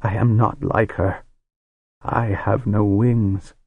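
A man voicing a tense young woman with a weak, hoarse, harsh voice who speaks in a pleading whisper. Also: on the low side, little pitch movement, slow, dry recording, phone-quality sound, exaggerated voice. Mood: desperate.

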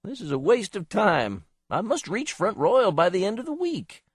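A man's voice: high-pitched, big pitch swings, moderate pace, slightly rough, no echo, clean studio sound, voice pushed up, full character voice. A man voicing a stubborn, impatient caravan owner in an audiobook, pushy and petulant. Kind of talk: audiobook character voice.

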